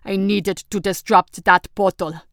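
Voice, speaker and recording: Loud commanding prince shouting orders mid-battle, a woman reading him, clear dry voice. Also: mid-range voice, steady tone, measured pace, dry recording, natural voice. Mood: urgent. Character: commanding male prince leading soldiers in battle.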